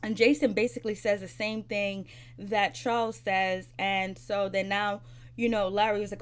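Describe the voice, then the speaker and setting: A woman casually retelling a TV episode, chatty and loose, with many fillers and quick quoted lines from the characters. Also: medium pitch, little pitch movement, smooth. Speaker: TV episode reviewer.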